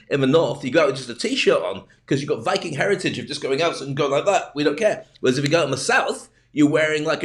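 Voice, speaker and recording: Rambling, jokey man. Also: fairly high pitch. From north of England. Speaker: host and speaking coach. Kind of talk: comic monologue.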